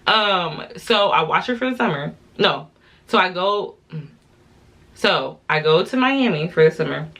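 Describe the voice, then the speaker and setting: A woman's voice: on the low side, lively intonation, measured pace, fairly bright tone. A woman in her twenties, a little drunk, chatting to viewers in a casual, exasperated, slangy storytime vlog. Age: 20s. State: tipsy from drinking. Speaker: vlogger. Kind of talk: casual storytime while doing makeup.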